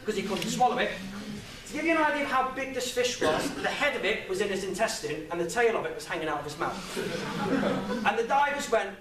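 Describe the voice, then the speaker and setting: A young man giving an informal, jokey talk to an audience, chatty and quick to laugh at his own stories. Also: high voice, expressive, a crowd in the background. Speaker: guest speaker. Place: lecture room with audience. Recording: echoey room, mic at a distance.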